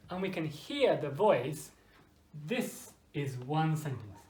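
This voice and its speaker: An English teacher giving an online grammar lesson to Japanese learners, speaking simple, slow English, often checking with "okay?" and exaggerating intonation to demonstrate. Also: mid-range voice, lively intonation. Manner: frequent checking "okay?" with students; drops in short Japanese phrases. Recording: echoey room.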